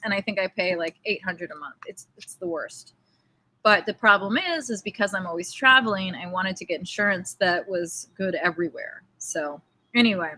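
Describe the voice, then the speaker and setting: A woman's voice: medium pitch, bright, forceful tone, poor audio. A young woman livestreaming casually outdoors in front of her house, rambling, thanking viewers by name and reading aloud from a book. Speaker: livestream host. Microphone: laptop or webcam mic.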